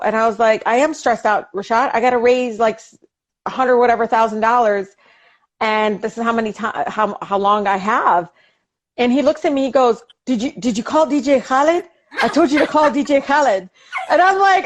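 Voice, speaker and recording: A woman politician chatting as an interview guest over a video call, telling animated stories, laughing often and acting out family dialogue. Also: a little high, a little fast.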